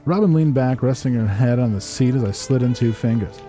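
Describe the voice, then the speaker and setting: A man hosting a comedy podcast, reading an erotic letter aloud in a deadpan, mock-solemn way. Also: medium pitch, brisk, faint music behind. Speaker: podcast host.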